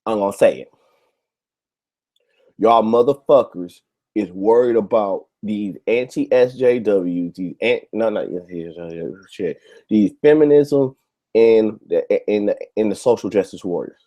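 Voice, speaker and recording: A man's voice: lowish voice, unhurried, highs cut off. Heated, profane man ranting on his show. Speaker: YouTube show host. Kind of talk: ranting monologue to camera.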